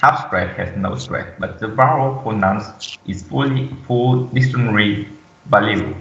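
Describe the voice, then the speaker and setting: Young man, student presenter, halting reading, echoey room, distant muffled mic. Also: fairly low pitch, a bit bright. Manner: halting, reads aloud with frequent "uh" fillers. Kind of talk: class presentation read from slides.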